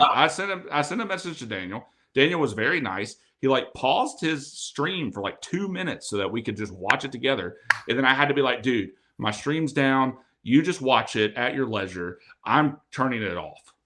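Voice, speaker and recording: A man's voice: medium pitch, slight background noise. A man co-hosting a casual football podcast over a remote call, getting over a cold, talking in a ranting, laugh-filled way. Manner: animated, ranting, laughs often. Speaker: podcast co-host.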